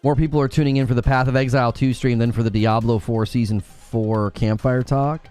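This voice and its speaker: A man's voice: medium pitch, steady tone, brisk, darkish tone, clear, resonant tone. An American man hosts a co-stream in a loose, casual chat. He rambles and fills his sentences with small verbal fillers. Faint music plays behind him. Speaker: co-stream host.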